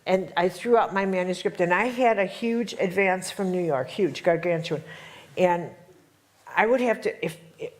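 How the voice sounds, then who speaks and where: A woman's voice: fairly low pitch, moderate pace. A middle-aged woman telling a dramatic story to a workshop audience, emphatic and full of repetitions. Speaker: workshop teacher.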